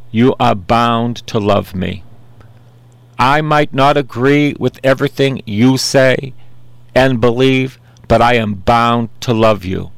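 A man's voice: medium pitch, dry recording. A man in his sixties preaching a sermon in an earnest, conversational way, repeating simple refrains.

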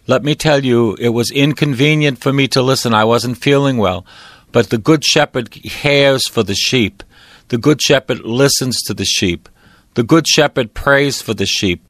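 A middle-aged priest preaching a sermon, emphatic and repetitive, with a preacher's cadence. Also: male voice, mid-range voice, a bit bright, dry recording.

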